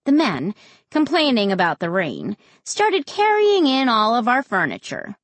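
A woman reading a first-person storybook aloud in an expressive, dramatic way. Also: a little high, unhurried, dry recording. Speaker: audiobook narrator.

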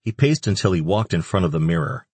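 Deep husky guy reading an audiobook, dead dry close sound. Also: expressive, fast talker, darkish tone, no echo. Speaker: audiobook narrator. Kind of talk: scripted narration.

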